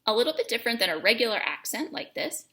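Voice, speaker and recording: A woman teaching a music lesson, explaining note markings in a clear, encouraging way with emphasis on key words. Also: on the high side, very animated, fast talker. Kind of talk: instructional lesson.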